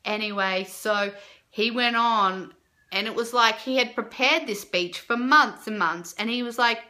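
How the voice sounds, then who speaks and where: A young woman vlogger tells a story to camera a little slowly, casual and animated, with lots of fillers. Her reactions to her own tale jump up high in pitch.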